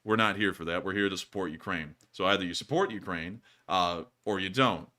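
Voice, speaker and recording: A man's voice: low voice, brisk, sharp tone. A man hosting a casual livestream, thanking donors in a rambling, chatty way and laughing often. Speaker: livestream host. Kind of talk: casual livestream chat reading donations.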